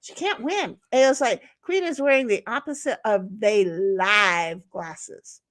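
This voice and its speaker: A woman's voice: mid-range voice, slow pace, fairly bright tone. A woman with a Southern US accent hosting a livestream, reading chat messages aloud in a casual, blunt, rambling way, swearing freely and trailing off mid-sentence.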